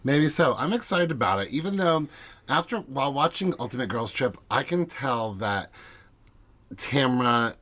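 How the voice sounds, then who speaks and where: Chatty man with a lively voice. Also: mid-range voice, moderate pace. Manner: chatty, laughs often. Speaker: podcast co-host. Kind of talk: casual chat. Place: small closet studio.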